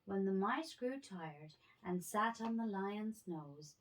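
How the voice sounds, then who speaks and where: A woman reading children's animal stories aloud at bedtime, gentle with small slips. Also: mid-range voice, lively intonation, slow.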